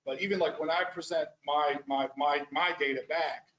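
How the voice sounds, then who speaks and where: A man's voice: fairly high pitch, fairly even intonation, normal speed, a bit bright. A man, a restoration practitioner, giving a casual, rambling presentation at a board meeting, with many restarts. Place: meeting room. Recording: echoey muffled meeting room audio.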